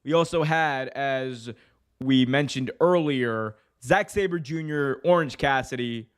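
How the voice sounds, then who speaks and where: A man's voice: medium pitch, slow, clean tone. A man co-hosting a podcast, talking through wrestling matches in an enthusiastic, conversational way and correcting himself as he goes. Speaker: podcast co-host. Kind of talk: casual wrestling review chat.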